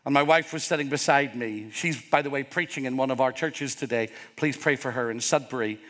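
Earnest pastor preaching in a reverberant hall. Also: male voice, medium pitch, fairly quick, a bit bright. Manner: earnest, openly vulnerable, rising to emphatic peaks. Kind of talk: sermon.

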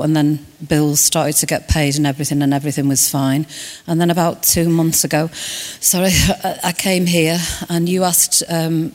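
A woman's voice: sits low, a little mellow, big-room sound. A woman with a Mancunian accent giving a nervous, hesitant personal testimony in church. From Manchester, England. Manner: nervous, hesitant, with fillers and restarts. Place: church hall.

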